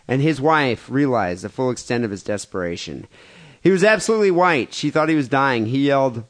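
A man's voice: mid-range voice, a little fast. A man co-hosting a crude comedy podcast, reading listener stories aloud and laughing often in casual chat. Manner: laughs often, animated storytelling. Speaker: podcast co-host.

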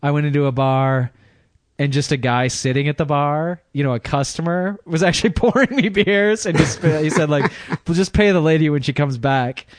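A man's voice: a little high, normal speed, dry recording, clean studio sound. A man on a podcast, telling a rambling story in casual chat, laughing through it. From Michigan. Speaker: podcast regular.

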